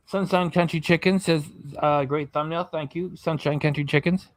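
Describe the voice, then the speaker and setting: A man's voice: fairly high pitch, no room sound. Blunt, sarcastic man reacting to clips. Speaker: reaction channel host. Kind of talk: casual commentary over clips.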